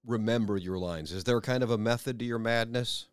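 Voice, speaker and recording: A middle-aged male radio host runs a friendly local interview and keeps plugging show times. His voice is smooth and resonant, recorded close and dry in a studio. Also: mid-range voice, a little fast, no echo. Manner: chatty, plugs event details.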